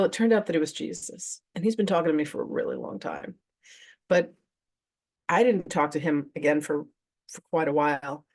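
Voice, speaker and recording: A woman's voice: low voice, a little mellow. A woman who works as a spiritual teacher, telling a personal story to a live audience in a chatty, casual way and acting out her own past reactions. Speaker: spiritual teacher and trance channel.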